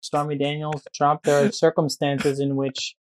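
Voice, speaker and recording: A man's voice: on the high side, monotone, moderate pace, slight background noise. Rambling, foul-mouthed man. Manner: profane, rambling, jokey. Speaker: podcast guest. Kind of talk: casual podcast chat.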